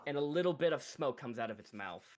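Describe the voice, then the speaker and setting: Man playing a fast-talking merchant. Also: mid-range voice, soft background music. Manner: salesman patter, flattering. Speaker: player. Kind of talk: tabletop role-play, playing a smooth-talking merchant.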